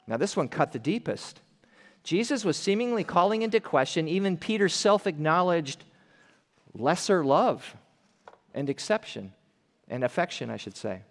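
A male pastor preaching an earnest, emphatic sermon, slowing down to stress key phrases and dropping his voice for weight. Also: on the high side, very animated. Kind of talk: expository sermon. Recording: long reverb of a large hall.

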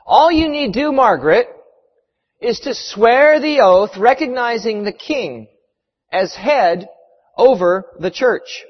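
A stern, commanding judge pronounces sentence loudly, acted by a man in a high, strained voice. A long hall echo trails each phrase, and the sound is muffled. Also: animated, slow pace, full character voice. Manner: loud, commanding, raised voice.

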